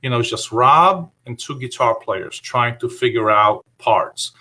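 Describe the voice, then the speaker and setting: A man's voice: medium pitch, measured pace, pushed and bright. A man being interviewed about his past, telling rambling anecdotes with lots of fillers and quoting his own past remarks. He is speaking over a video call. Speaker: guest guitarist. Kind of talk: casual interview storytelling.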